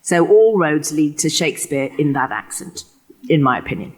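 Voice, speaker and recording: An English woman with a West Country accent delivering a prepared keynote lecture, expressive and given to acting out quotations. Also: low voice, normal speed, husky. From England. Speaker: keynote speaker.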